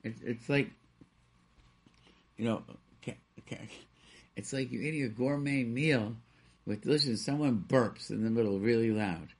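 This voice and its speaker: A man with a gravelly, husky voice tells stories in an animated way and acts out the voices of the people he quotes. His pitch sits in the middle, and he talks casually to a guest in conversation. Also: unhurried, long pauses. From Rochester, New York. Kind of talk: storytelling in casual talk.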